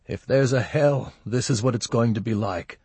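A man's voice: mid-range voice, moderate pace, a little mellow, breathy edge, no room sound. A man voicing a miserable, hungover innkeeper who whines and groans. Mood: despairing. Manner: whining, groaning.

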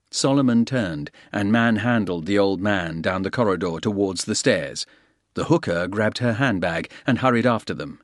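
Low-voiced man narrating a thriller. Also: no room sound, clean studio sound. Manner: steady, brisk action-thriller reading. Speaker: audiobook narrator. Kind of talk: scripted narration.

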